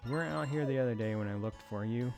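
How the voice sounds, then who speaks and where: A man's voice: mid-range voice, quick pace, gravelly, music in the background, natural voice. A man voicing a friendly young village woman in a mock Irish-Scottish accent.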